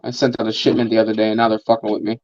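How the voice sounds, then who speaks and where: A man joining a livestream panel, joking and tossing in quick remarks. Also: fairly low pitch, completely flat delivery, a little mellow, dry recording, lo-fi sound. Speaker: panel guest. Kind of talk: casual livestream chat.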